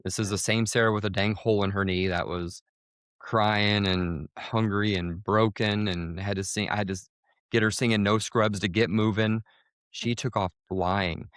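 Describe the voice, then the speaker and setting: Animated man telling a race story. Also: normal speed, no echo, clean studio sound. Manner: animated, jumps pitch for quoted lines. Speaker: podcast co-host. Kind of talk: casual storytelling.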